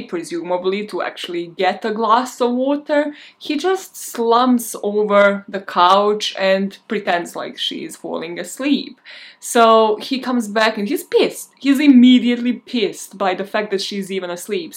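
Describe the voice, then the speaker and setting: A woman's voice: mid-range voice, animated, unhurried. A woman podcast host casually recapping a movie in a chatty way, with a lot of "like". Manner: chatty, with frequent filler "like".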